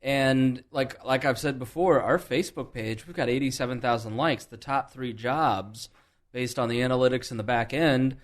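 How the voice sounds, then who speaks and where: A man's voice: medium pitch, normal speed. Candid male podcast host. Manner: candid, thinking aloud with restarts. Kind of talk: casual political discussion.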